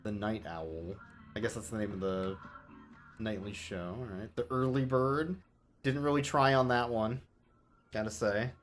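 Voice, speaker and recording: A man's voice: lowish voice, steady tone, unhurried, soft background music. A man streaming a video game, chatting casually with his viewers, swearing and laughing, and cooing at his cat. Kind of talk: casual gameplay commentary.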